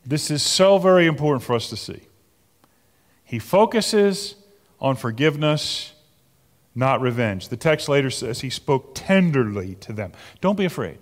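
A male pastor preaches slowly and deliberately, stretching his phrases. His pitch swings widely as he builds to emphatic points. His voice rings out with the long reverb of a large church sanctuary. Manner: slow, emphatic, rising to animated exclamations. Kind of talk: sermon.

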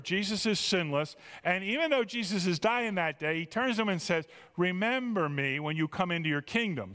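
Animated high-voiced male preacher. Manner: emphatic preaching, repeats words, animated rises. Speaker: pastor. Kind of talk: sermon. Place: church sanctuary. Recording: church hall reverb.

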